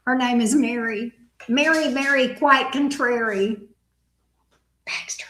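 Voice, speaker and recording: Playful woman, slow and echoey. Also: on the high side, bright, forceful tone. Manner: playful, teasing, joking. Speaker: tarot reader, channel host. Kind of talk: casual livestream chat with viewers and her dog. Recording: echoey room.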